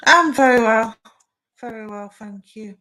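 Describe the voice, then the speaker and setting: A young woman talks casually into her webcam from home, answering viewers' comments one by one. Her voice is bright and clear, and her easy chat is full of little ums and restarts. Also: on the high side, a little slow, rough recording. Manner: chatty, warm replies to viewer comments with frequent fillers. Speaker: psychic medium and live stream co-host. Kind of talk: casual live stream chat and readings.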